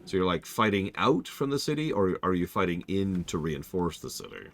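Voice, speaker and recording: A man's voice: sits low, big pitch swings, normal speed, background noise. A man streaming a game, chatting casually and repeating himself while he multitasks. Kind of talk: live game stream commentary.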